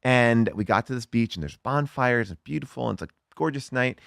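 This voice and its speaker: A middle-aged man chatting as a guest, telling a story in a lively way with lots of fillers and some swearing. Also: medium pitch, fairly quick, vocal fry, no room sound, clean studio sound. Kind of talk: casual chat.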